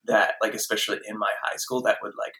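Young man from Virginia, lowish voice, bright edge, rambling podcast chat full of fillers. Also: level tone, quick pace, rough recording. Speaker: podcast guest.

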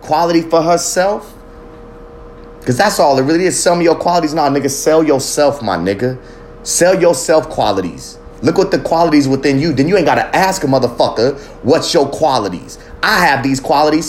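Male podcast host, higher-than-average voice, heated preachy rant full of profanity and challenges to the audience. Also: a little hiss or hum. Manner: asks the listener pointed questions. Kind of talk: impassioned podcast monologue.

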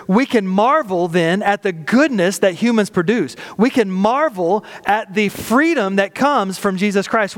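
A middle-aged man preaching a sermon as pastor, conversational and humorous, acting out little quoted exchanges. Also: high-pitched. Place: church sanctuary. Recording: reverberant hall sound.

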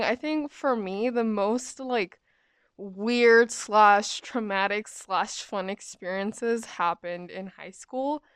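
Chatty young woman, crisp dry voice. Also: mid-range voice, no echo. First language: English. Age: 20s. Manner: chatty, rambling, many "um" and "like" fillers. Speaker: storyteller. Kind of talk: casual storytime chat.

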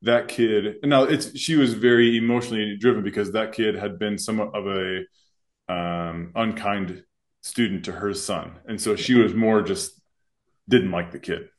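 A man's voice: lowish voice, fairly even intonation, moderate pace. A man co-hosting a podcast, speaking earnestly and reflectively as a school leader in casual discussion. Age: adult with children. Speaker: school administrator and podcast co-host.

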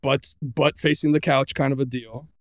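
A man's voice: mid-range voice, steady tone, moderate pace, dry recording, studio quality. A man, a podcast guest, earnestly retelling a personal story and voicing his own inner thoughts.

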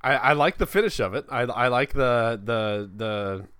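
A man co-hosting a casual wrestling chat, jokey and quick to laugh. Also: medium pitch, fairly bright tone, smooth, no room sound. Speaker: podcast co-host.

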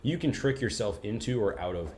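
A man hosting a casual podcast chat, relaxed and wry, swearing now and then. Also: on the low side, brisk, reverberant, slight background noise. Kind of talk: casual conversation.

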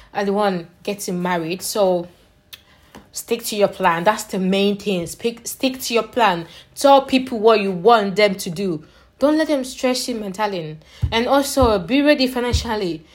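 A young adult woman ranting casually in a vlog, animated and repetitive, laughing between phrases and tired. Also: mid-range voice. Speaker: vlogger.

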